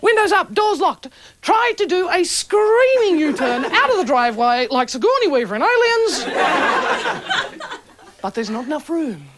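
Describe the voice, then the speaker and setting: Aussie woman doing standup, dry deadpan delivery, old tv recording with loud hiss. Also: very high-pitched, moderate pace, a crowd in the background. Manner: dry, deadpan storytelling with a live audience laughing along. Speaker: comedian. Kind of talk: stand-up storytelling. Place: stage before a live audience.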